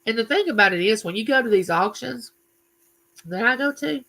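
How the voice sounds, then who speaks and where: A woman's voice: on the high side, expressive, a little fast, a bit bright, low-quality recording. A woman, chatting casually and telling stories on her live stream, greeting viewers by name. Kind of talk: casual chat.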